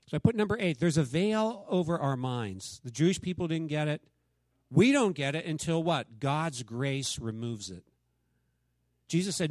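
A man leads a Bible study in a relaxed, talky way. He often quizzes his listeners and acts out the quotes he reads. His voice sits a bit high and the sound is dry and close. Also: a little slow, dry recording. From United States. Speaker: church teacher.

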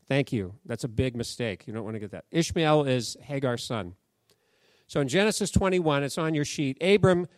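A man preaching a sermon in a conversational way, telling the story with lively bursts and then dropping to a soft, hushed voice. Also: on the high side, no echo, clean studio sound. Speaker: pastor.

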